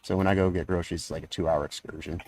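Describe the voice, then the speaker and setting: A man's voice: deep voice, steady tone, darkish tone, a little hiss or hum. A man guesting on a livestream, chatting casually and rambling with restarts. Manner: rambling, restarts, quick asides.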